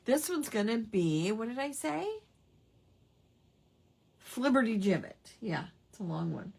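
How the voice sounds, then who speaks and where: A woman's voice: fairly high pitch, sing-song, moderate pace, creaky, a little mellow, husky. A woman hosting a casual craft hangout, chatty and playful, savoring quirky old words with giggles. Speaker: craft livestream host.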